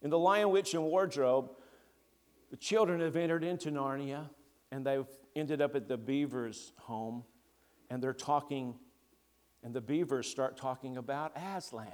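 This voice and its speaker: A man preaching a sermon, slow and deliberate with long pauses between phrases. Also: medium pitch.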